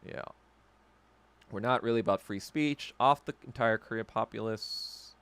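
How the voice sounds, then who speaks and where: A man's voice: fairly low pitch, normal speed, a bit bright, clean tone. A man hosting a podcast, ranting and swearing in casual chat with viewers and laughing often. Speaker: podcast host. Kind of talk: casual livestream chat reacting to viewer comments.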